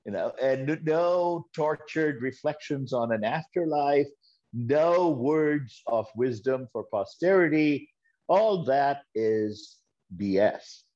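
A man speaks slowly and deliberately while delivering a sermon, and he tells parables in which he voices each character. He leans on repeated phrases to make his point. The recording sounds dull and lo-fi, like a church video. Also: mid-range voice, animated, darkish tone. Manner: storytelling with quoted voices and emphatic repetition. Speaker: guest speaker at a church service.

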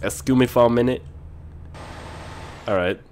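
A man hosting a casual let's-play video while sick, clearing his throat often, excitable and quick to yell and swear when things go wrong. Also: medium pitch, a little hiss or hum. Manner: excitable, swears and yells at mishaps. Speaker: gaming video host.

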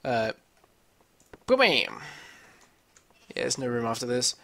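Guy mumbling and cursing his way through a game at his desk, rambly, thinks out loud. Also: medium pitch, expressive, measured pace. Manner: rambling, swears a lot, talks to himself while playing. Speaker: gameplay commentator. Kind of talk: casual let's-play commentary. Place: home room with a computer.

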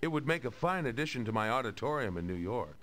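A man's voice: medium pitch, sing-song, fast talker, a bit bright. An actor playing a polite, cheerful male explorer and collector in a video game, with a genteel old-fashioned manner. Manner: polite, genteel 1930s storyteller.

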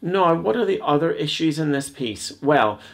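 A man's voice: fairly high pitch, expressive, normal speed, creaky. A man teaching cello in a video lesson, explaining step by step in a chatty, joking way.

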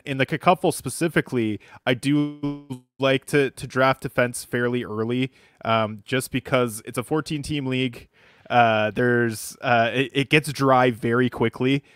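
A man's voice: mid-range voice, no echo, studio quality. A man co-hosting a podcast while a bit congested from a cold, talking in an easygoing, rambling way. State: congested, under the weather. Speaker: podcast co-host. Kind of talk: casual podcast chat.

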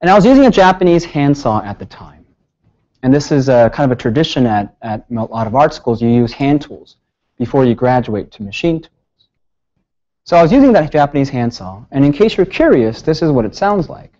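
A man giving a public lecture, telling stories with lively rhetorical questions. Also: mid-range voice, fairly quick, dull audio. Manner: animated storytelling with rhetorical questions. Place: lecture hall.

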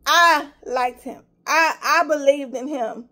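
High-voiced, gushing woman vlogger. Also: slow, sharp tone. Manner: gushing, emotional, talks straight to viewers; loose, rambling with many fillers. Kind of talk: casual chat to camera.

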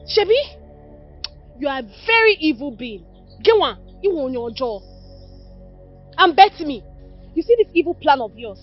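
A woman's voice: high voice, very animated, normal speed, pauses often, lo-fi sound, faint music behind. An actress with a Nigerian accent playing an outspoken young woman who confronts a scheming friend. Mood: scolding. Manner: confrontational, scolding.

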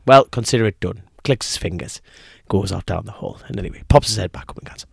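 A man co-hosting a podcast, telling a long joke in a lively, repetitive way. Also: lowish voice, fast, gravelly, husky, dry recording, clean studio sound. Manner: animated storyteller, repeats himself, acts out voices. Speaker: podcast co-host.

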